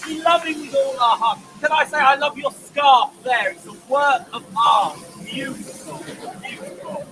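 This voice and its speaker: A man with a very high, bright voice performs poetry out on a busy street, playful and exuberant, calling out to passers-by. The mic sits well away from him, and a crowd murmurs around him. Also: normal speed, distant mic, a little hiss or hum, rough recording. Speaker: performance poet. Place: outdoors on a city street.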